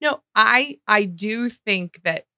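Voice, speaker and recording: A woman with a bright, forceful voice jokes and swears through a casual podcast recap. Her talk is animated and quick to laugh. The recording is dry and close. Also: mid-range voice, no room sound. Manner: animated, joking, profane. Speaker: podcast co-host. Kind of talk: casual reality-TV recap chat.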